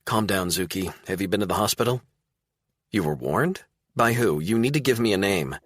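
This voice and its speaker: A man voicing a tough, no-nonsense woman police detective who speaks firmly and briskly in an audiobook. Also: lowish voice, lively intonation, no room sound, clean studio sound, voice pushed up. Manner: firm, brisk.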